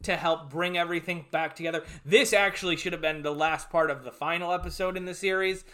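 A man's voice: a little high, quick pace. Guy cohosting a podcast, gets all worked up, swears a lot, laughs a bunch. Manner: excitable, swears, laughs often. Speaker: podcast co-host. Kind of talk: casual chat.

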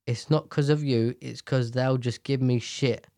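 A man reads online posts aloud and stops to react with blunt, profanity-laced jokes. His voice sits at a middle pitch. The recording is dry and close, with no room sound. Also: steady tone, measured pace, warm tone, no echo. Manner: blunt, profane, jokey asides. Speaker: streamer reading posts.

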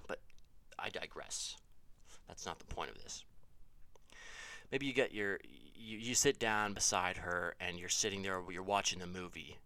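A man's voice: a little slow, long pauses, no echo. A man casually telling a comedic story with lots of swearing, rambling and correcting himself mid-sentence. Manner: rambling, profane, self-correcting; animated, jumps to high exasperated pitch.

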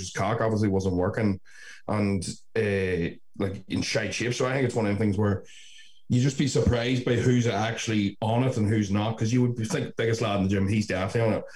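Sweary low-voiced man, echoey room. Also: darkish tone. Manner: rambling, sweary storytelling full of "like". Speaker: podcast co-host. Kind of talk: casual podcast chat.

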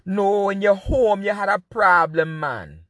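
A man's voice: high-pitched, lively intonation, unhurried, a bit bright, no echo, studio quality, voice pushed up. A man putting on a Caribbean accent to play his nosy, friendly male neighbor. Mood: insistent.

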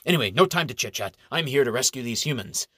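A man voicing an older male wood elf shoemaker, brisk and courteous. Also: medium pitch, expressive, sharp tone, husky, no room sound, clean studio sound.

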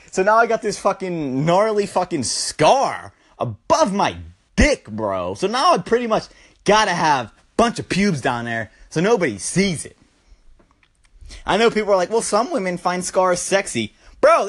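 A young man rambling through a vulgar comic story, loose and profane, with "bro" in nearly every breath. His voice is high for a man and leaps all over the place as he acts things out. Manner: profane, loose, peppered with "bro" and sound effects. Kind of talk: crude comedic storytelling rant.

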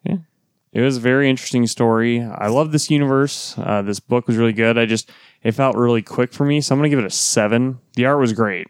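A man's voice: mid-range voice, quick pace, smooth, no room sound. A man co-hosting a podcast, arguing his views casually and swearing now and then. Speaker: podcast co-host. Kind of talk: casual chat.

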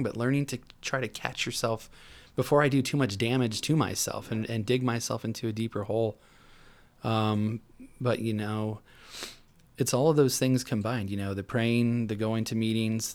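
A man sharing his recovery story in a casual podcast chat, animated and acting out the voices he quotes. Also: lowish voice.

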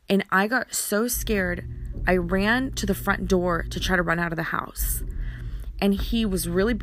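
A woman telling a personal story in a halting way, often repeating words and using fillers. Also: fairly low pitch, fairly bright tone, a little hiss or hum.

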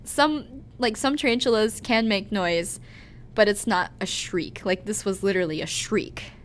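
A woman co-hosting a podcast, telling a story in animated, giggly casual chat with lots of "like.". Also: medium pitch, measured pace, a little hiss or hum. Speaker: podcast co-host.

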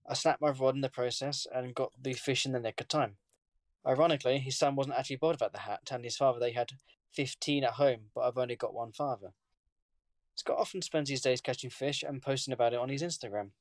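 A man, reading a news story aloud on a podcast in a plain, steady way. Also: medium pitch, fast, no echo, clean studio sound. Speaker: podcast co-host.

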